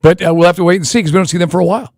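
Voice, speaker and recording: A man hosting sports talk radio, racing through his points in a high, quick voice. He rambles and jumps between ideas with animated energy, recorded dry and close on a studio mic. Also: dry recording.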